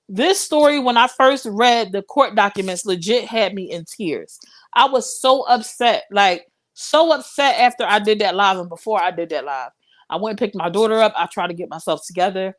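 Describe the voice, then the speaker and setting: A woman's voice: medium pitch, normal speed. A young adult woman hosting a live stream, talking straight to her viewers in impassioned, preachy casual commentary.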